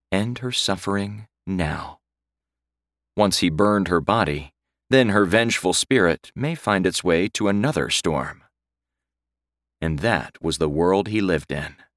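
A man narrating a dark story in a grave, measured way. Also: low voice, no room sound, studio quality. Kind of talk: scripted audiobook narration.

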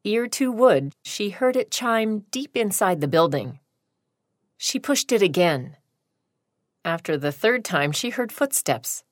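A woman narrating a short story in a slow, deliberate reading. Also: mid-range voice, very animated, no room sound, clean studio sound.

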